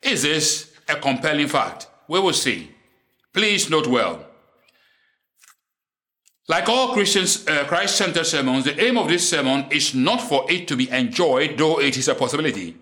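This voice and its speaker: A man preaching a sermon in English, which is not his first language. He is deliberate and repeats key lines for emphasis. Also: fairly high pitch, sing-song, bright, forceful tone.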